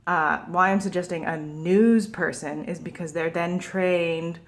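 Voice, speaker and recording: A woman with a Pacific Northwest American accent, ranting casually to camera as a vlogger, chatty and animated, sometimes trailing off quietly. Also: fairly low pitch, a little slow.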